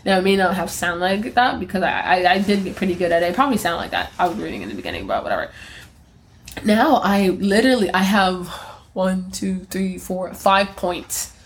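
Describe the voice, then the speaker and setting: A woman's voice: mid-range voice, animated, a little fast, a little hiss or hum. Giggly young woman podcaster, rambling. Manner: rambling, self-mocking, giggly. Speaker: podcast host. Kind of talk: casual solo podcast chat.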